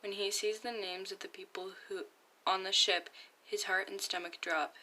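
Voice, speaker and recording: A woman's voice: medium pitch, fairly even intonation, moderate pace, bright, forceful tone, rough recording. A young woman chatting earnestly as she reads and comments on fan comics. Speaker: fan comic dub reader.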